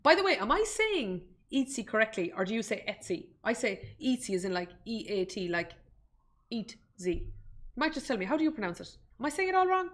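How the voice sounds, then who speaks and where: A woman's voice: on the high side, big pitch swings, fast talker, fairly bright tone. Irish woman, live investing tutorial host, chatty and self-deprecating, talks straight to the viewers. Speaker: investment webinar presenter. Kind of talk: live screen-share stock tutorial.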